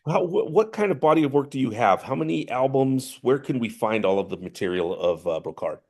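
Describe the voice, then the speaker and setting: Guy hosting a podcast, kinda halting, asks stuff casually. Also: mid-range voice, animated, darkish tone. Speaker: podcast host. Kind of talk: casual interview questions.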